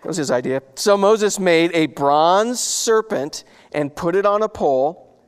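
A man's voice: high-pitched, expressive, a little slow, smooth, big-room sound. A man preaching a sermon as pastor, reading scripture and breaking into folksy, chatty asides.

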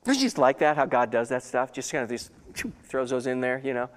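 A man's voice: medium pitch, fairly even intonation, brisk, clear, resonant tone, in a large hall. A man preaching a sermon as pastor, reading scripture and breaking into folksy, chatty asides.

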